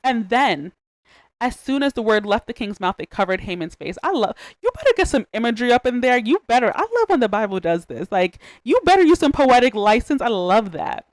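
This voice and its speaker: A young adult woman hosting a podcast, retelling a Bible story in a casual, animated, slangy way with joking asides. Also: a little high, fairly quick, no echo. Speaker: podcast host.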